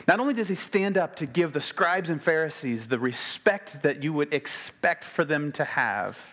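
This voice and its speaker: A man delivers a sermon in a talky, personal way, his voice pitched a little on the high side. He drops to slow, hushed emphasis at some points and speeds up into animated bursts at others. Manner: conversational, shifts between slow quiet emphasis and quick animated delivery. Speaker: preacher.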